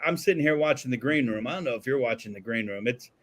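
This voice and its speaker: A man co-hosting a podcast in casual chat, joking and excitable, swearing freely. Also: mid-range voice, fast talker. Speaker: podcast co-host. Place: podcast studio.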